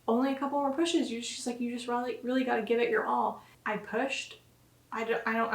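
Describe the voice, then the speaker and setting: Young female vlogger, casual and chatty, mid-pitched, slight room echo. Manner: chatty, many "like" fillers, animated retelling. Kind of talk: casual storytelling to camera. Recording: roomy echo.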